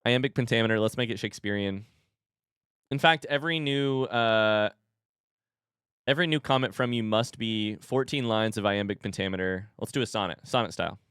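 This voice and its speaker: A man's voice: on the low side, moderate pace, fairly bright tone, clean tone, no room sound, clean studio sound. A man in his thirties chatting casually on his live stream, rambling playfully and reading viewer comments aloud.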